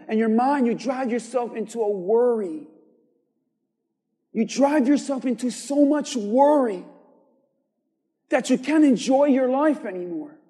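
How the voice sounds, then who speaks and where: A man preaching a sermon as pastor, swinging from quiet, measured lines to shouted emphasis. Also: very high-pitched, in a large hall. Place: church.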